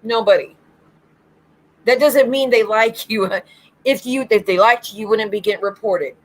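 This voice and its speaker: A woman's voice: mid-range voice, moderate pace, low-quality recording. A woman hosting a livestream as a psychic medium, ranting bluntly and swearing freely.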